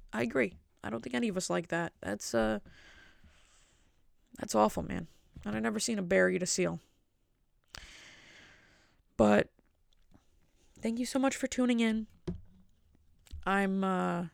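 A woman's voice: medium pitch, normal speed, gravelly, long pauses, dry recording, clean studio sound. A woman hosting her own podcast at home, talking in a loose, rambling way and joking at her own expense. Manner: rambling, self-mocking jokes. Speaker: podcast host. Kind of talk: casual solo podcast chat. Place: at home with family asleep.

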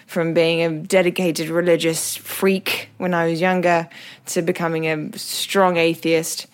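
A woman with an English accent talks alone into her podcast, candid and reflective, poking fun at herself as she goes. Her voice sits a little lower than most women's. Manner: reflective, candid, self-deprecating humour. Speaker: podcast host. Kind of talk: solo podcast monologue.

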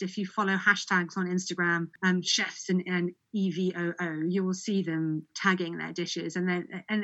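A woman's voice: medium pitch, sharp tone, highs cut off. A woman from Britain chatting casually about cooking with olive oil, laughing often and restarting sentences. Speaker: olive oil expert guest. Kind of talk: casual conversational interview.

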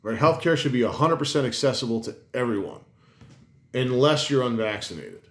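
A man's voice: mid-range voice, expressive, fairly quick. A man chatting casually on a podcast, rambling and emphatic, swearing, with many restarts. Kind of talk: casual chat. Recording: roomy echo.

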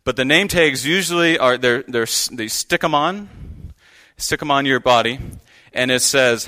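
Man preaching a sermon, bright and sharp tone, casual earnest delivery. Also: mid-range voice, measured pace, smooth. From United States. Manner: conversational, earnest storytelling with asides. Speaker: guest preacher. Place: church pulpit.

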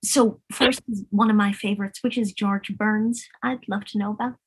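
Breathy woman asking questions. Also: medium pitch, fairly even intonation, normal speed, low-quality recording. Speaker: interviewer. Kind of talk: interview questions.

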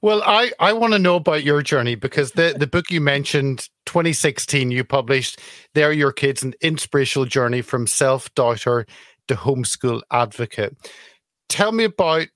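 A man's voice: mid-range voice, lively intonation, moderate pace, a bit bright, no room sound, studio quality. A man hosting an interview, asking brief prompts and short follow-up questions. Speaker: podcast host.

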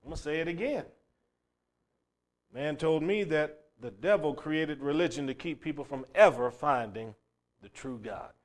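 A man preaching a sermon who swings between loud, emphatic bursts and low, quiet passages, and tells stories along the way. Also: animated, moderate pace. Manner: storytelling, acting out a crying child's shouts.

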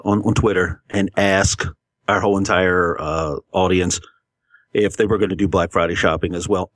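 A man co-hosting a podcast in casual, profane chat, blunt and quick to laugh. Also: low voice, fairly bright tone, no room sound, clean studio sound. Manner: blunt, swears freely, laughs often. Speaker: podcast co-host. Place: podcast studio.

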